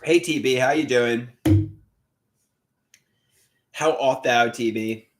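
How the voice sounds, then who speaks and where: A man's voice: mid-range voice, slow pace, soft background music. A man hosting a casual livestream, rambling, repeating himself and greeting viewers by name as he reads their comments. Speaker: livestream host.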